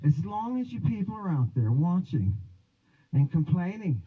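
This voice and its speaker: A man with a slightly high, husky voice hosts a livestream, lecturing in a loose, rambling way. He turns theatrical, drifting between musing and mocking asides. The sound is thin and boxy, as if over a phone line. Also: sing-song, moderate pace. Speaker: host of a religion and language livestream.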